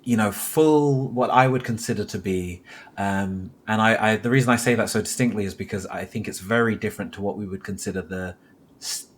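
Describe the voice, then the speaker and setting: A man from South London, a podcast guest, slowly recalls a memory from his childhood and corrects himself as he pieces it together. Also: lowish voice. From South London, England. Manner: reflective, recalls details slowly with self-corrections. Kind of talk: personal storytelling in conversation.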